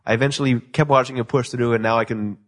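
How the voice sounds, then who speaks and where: Husky-voiced man chatting casually. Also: mid-range voice, fairly even intonation, fast talker. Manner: rambling, restarts often, laughs easily. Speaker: podcast co-host. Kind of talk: casual chat.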